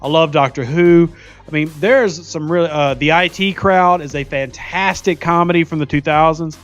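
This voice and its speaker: A man streams a mobile game, chatting casually and jokily, laughing often and reading viewer comments aloud as he plays. His voice is fairly high and fairly bright, with a steady tone and moderate pace.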